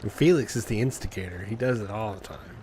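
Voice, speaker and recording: A man streamer chatting casually, telling an animated story in a loose, profane way and imitating cat noises. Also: fairly low pitch, fast, a little hiss or hum. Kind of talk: casual chat.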